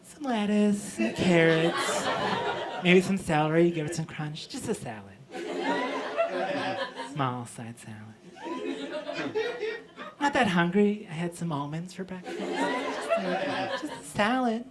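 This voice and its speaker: A man on stage playing a fussy female office boss who keeps announcing her small side salad, hushed and breathy, repetitive and self-justifying. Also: sits high, huge pitch swings, a little slow, over a noisy crowd, full character voice. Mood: shrill, pushy. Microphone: stage mic. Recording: live audience laughter.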